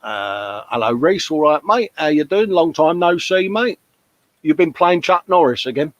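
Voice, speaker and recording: A man's voice: on the high side, animated, normal speed, highs cut off. Matey man chatting on a live stream. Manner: chatty, matey, jokey banter. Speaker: host of a live modelling stream. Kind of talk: casual chat reading out live comments. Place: hobby workshop at a bench.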